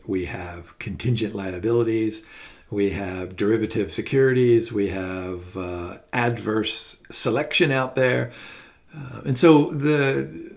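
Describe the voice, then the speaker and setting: A man's voice: lowish voice, a little mellow. Chatty middle-aged man giving a lecture. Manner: chatty, anecdotal, rhetorical questions. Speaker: finance lecturer. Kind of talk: recorded lecture.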